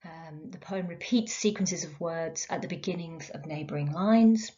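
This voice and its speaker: A woman teaching a literature lesson in a slightly low voice. She explains patiently, with frequent ums and uhs along the way. The recording is dull and lo-fi. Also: normal speed, mellow.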